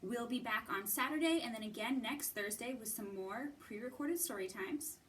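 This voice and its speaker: A woman librarian reading a picture book aloud and hosting a children's storytime, slow, expressive and gentle. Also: a little high, far from the mic, slight background noise.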